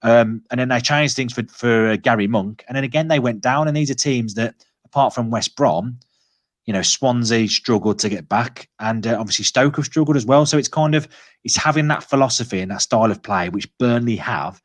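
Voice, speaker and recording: A man's voice: mid-range voice, fairly quick, no room sound. A man hosting a football podcast, chatting casually and hesitantly with many restarts. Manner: hesitant, lots of filler and restarts. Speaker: podcast host.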